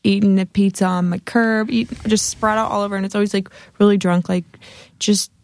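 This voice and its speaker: A woman's voice: mid-range voice, brisk. A woman guest on a chat show, telling a story casually with lots of fillers and acted-out quotes, in her thirties. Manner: animated, many fillers, acts out quotes. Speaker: podcast guest, singer-songwriter.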